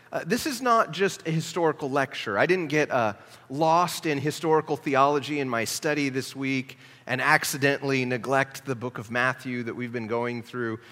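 A man's voice: a little high, a bit bright. Man preaching in a reverberant hall. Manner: earnest teaching delivery with frequent "uh" fillers. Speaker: pastor. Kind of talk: sermon. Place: church sanctuary.

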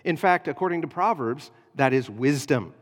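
A pastor preaching a sermon, explaining a passage in an earnest teaching manner with frequent hesitations. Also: male voice, fairly high pitch, expressive, moderate pace, big-room sound.

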